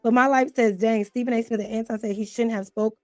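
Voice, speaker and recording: A woman's voice: a little high, steady tone, brisk, a little mellow, no echo, faint music behind. Candid, outspoken woman host commentating. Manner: candid, laughing, swears freely. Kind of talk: casual commentary.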